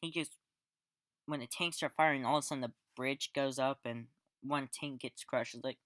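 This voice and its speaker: A man's voice: mid-range voice, steady tone, moderate pace, fairly bright tone, dry recording. Rambling man reviewing a film, dry sound. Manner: rambling, frequent restarts and fillers; exasperated, sarcastic asides. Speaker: movie reviewer. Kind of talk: casual spoken film review.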